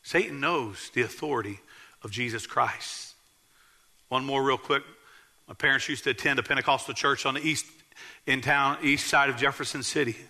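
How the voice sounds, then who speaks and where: A man, preaching a sermon as pastor in a church, earnestly emphatic and dropping low to tell stories. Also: moderate pace, pushed and bright. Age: 40s.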